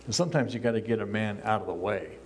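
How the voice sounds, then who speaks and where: A man's voice: lowish voice, quick pace, slight background noise. Older man preaching casually from a pulpit. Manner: casual, conversational preaching with frequent chuckles; acts out quoted lines in a raised voice. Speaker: pastor. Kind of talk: sermon. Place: church, speaking from a pulpit.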